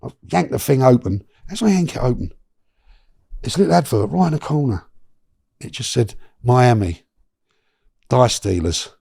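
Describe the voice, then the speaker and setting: A middle-aged man, telling a long personal story in a chatty, animated way as a podcast guest. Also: medium pitch, brisk, creaky, long pauses, slightly rough, no echo, studio quality. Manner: animated, chatty, lots of restarts and slang.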